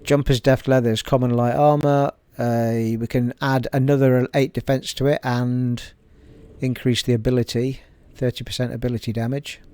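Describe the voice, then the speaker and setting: A man's voice: medium pitch, level tone, normal speed, a little mellow, clear, resonant tone. A man commenting on his video game play, cheerful and thinking aloud as he reads menus. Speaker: gaming streamer.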